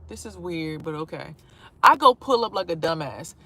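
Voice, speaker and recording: A woman vlogger telling a personal story in a casual, animated way, swearing freely and acting out what people said. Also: low-pitched, moderate pace, slight background noise. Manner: animated, profane, acts out quotes.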